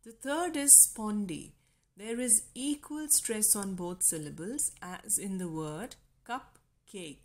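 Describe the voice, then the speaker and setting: A woman with an Indian English accent giving a recorded literature lecture, slowly sounding out stressed and unstressed syllables. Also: medium pitch. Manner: slow, deliberate, stresses syllables aloud.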